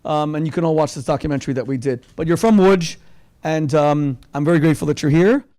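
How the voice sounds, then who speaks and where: A man's voice: a little high, quick pace, mellow. A man hosting a public discussion, giving a passionate, rhetorical introduction and sometimes repeating words. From United States. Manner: impassioned, rhetorical, stumbles over repeats. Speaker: host. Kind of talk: event introduction speech.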